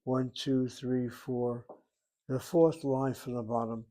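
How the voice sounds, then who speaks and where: A man of middle pitch gives a Hebrew grammar lesson. He works patiently through each syllable and spelling, reasoning aloud like a teacher at a whiteboard. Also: steady tone, slow pace, warm tone. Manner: methodical, talks through each step aloud. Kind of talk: grammar lecture.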